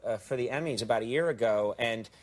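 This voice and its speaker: A man's voice: mid-range voice, fast talker, a crowd in the background. A middle-aged American man hosting a late-night talk show, jokey and stammering, with a habit of slipping into silly voices. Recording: noisy broadcast audio.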